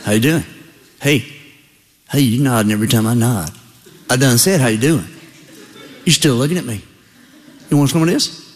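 A man with a Southern US accent voicing a tough, gentlemanly male deer that challenges its reflection, told on a live stage. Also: mid-range voice, normal speed, pauses often, voice pushed down, lightly acted. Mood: belligerent. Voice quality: swaggering, challenging. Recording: long hall reverb.

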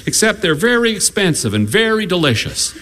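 A man's voice: high voice, sing-song, brisk, bright, forceful tone, heavily acted. A man voicing a flustered, kindly middle-aged father who stammers and restarts his sentences.

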